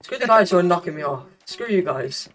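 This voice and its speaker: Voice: medium pitch, expressive, brisk, a bit bright, soft background music. A posh-sounding player chatting mildly during a game stream. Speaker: guest player. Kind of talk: casual gaming chat.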